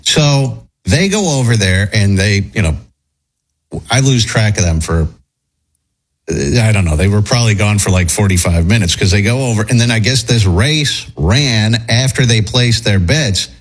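A man's voice: fairly low pitch, animated, moderate pace, husky, poor audio. A man hosting a radio chat show, telling a long story in a rambling way with lots of fillers and restarts.

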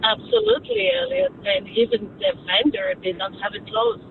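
A woman's voice: extremely high pitch, wildly swooping pitch, moderate pace. A woman calling in to a radio show, speaking English with an accent, hesitant and full of filler sounds. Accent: non-native English. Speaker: caller. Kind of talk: phone-in chat. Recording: tinny phone line with faint vehicle noise.

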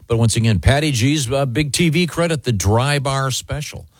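A man's voice: medium pitch, normal speed, dry recording. A man hosting a casual radio show, teasing his co-hosts, laughing often and restarting his sentences. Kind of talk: casual morning show banter.

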